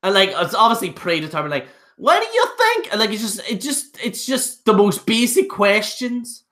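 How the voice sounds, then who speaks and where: A young man reviewing wrestling shows rants casually on a live stream. His high-pitched, somewhat bright voice moves at moderate pace, and he's blunt and rambling, restarting his sentences many times.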